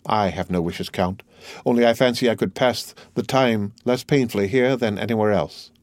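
A man voicing a grief-stricken young man, speaking low and mournfully. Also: normal speed, a little mellow, dry recording, lightly acted. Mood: despairing.

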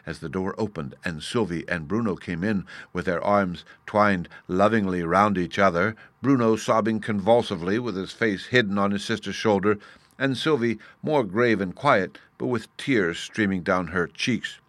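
A man narrating a storybook in a measured, expressive reading. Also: on the low side, dry recording.

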